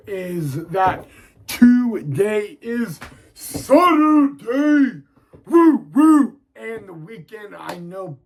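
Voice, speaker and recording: A young man hosting a wrestling vlog, talking haltingly to viewers with many restarts and near tears. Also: high voice, a little mellow, a little hiss or hum, low-quality recording. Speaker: wrestling video host. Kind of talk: casual vlog talk to viewers.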